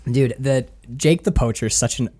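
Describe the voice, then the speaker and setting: A man's voice: mid-range voice, normal speed, mellow, faint music behind. A man animatedly retelling film scenes in a casual chat, acting out quotes and swearing freely.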